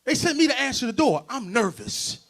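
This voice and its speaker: A man doing a stand-up comedy set, loud and animated, working the crowd between bits. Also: very high voice, moderate pace. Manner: loud, animated crowd work with frequent laughs. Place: stage before a live audience.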